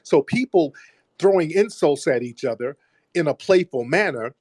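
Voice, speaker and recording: A male host with a fairly high voice argues bluntly on his call-in show, brushing off the caller and hammering the same points. His voice sounds dry and close, with no room around it. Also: lively intonation, normal speed, darkish tone, no room sound. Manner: blunt, dismissive, repeats himself. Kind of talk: call-in debate.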